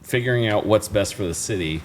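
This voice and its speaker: A man with a fairly low voice co-hosts a casual local talk podcast. He rambles, restarts and repeats words, with plenty of "you know" and "uh". A faint hiss sits under his voice. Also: fairly quick. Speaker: podcast co-host. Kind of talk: casual chat.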